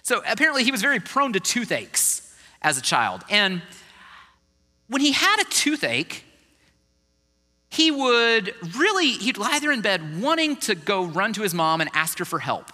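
A male pastor preaching with a high, very bright and sharp voice that swings widely up and down. His delivery is conversational and animated. The sound rings with a long reverb, as in a big hall. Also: measured pace. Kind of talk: sermon.

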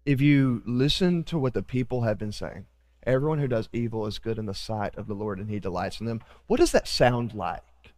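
A man preaching a sermon as pastor, animated, acting out quoted voices with joking asides. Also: medium pitch, normal speed, big-room sound.

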